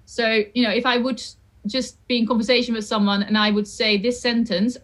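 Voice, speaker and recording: A woman teaching the pronunciation of song lyrics in a chatty, informal way, sounding out each word slowly. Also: on the high side, level tone, poor audio. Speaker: singing and Dutch diction teacher. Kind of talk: lesson, talking through song pronunciation.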